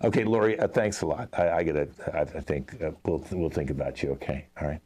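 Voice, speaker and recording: Deep-voiced exasperated director man. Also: lively intonation, quick pace, warm tone, slightly rough. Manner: exasperated, talky, many fillers. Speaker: improv show host, playing a commercial director. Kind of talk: improv comedy scene.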